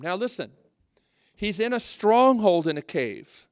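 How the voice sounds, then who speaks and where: A man's voice: high voice, lively intonation, moderate pace, no echo, clean studio sound. A man preaching a sermon in a conversational, earnest way, often restarting phrases and adding asides.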